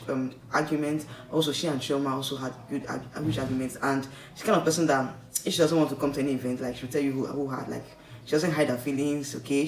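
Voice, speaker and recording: Chatty Nigerian man, echoey distant mic. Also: mid-range voice. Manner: chatty, rambling, keeps tagging "okay?" and "like, seriously". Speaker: vlogger reviewing a reality show. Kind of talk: casual commentary. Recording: echoey room, distant mic, faint noise.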